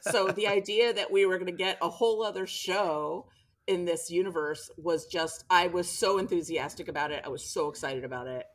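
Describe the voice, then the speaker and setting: A woman co-hosting a podcast in a casual, chatty way, her voice a little low for a woman. She talks with eager enthusiasm. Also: fairly quick, hardly any pauses. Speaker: podcast co-host.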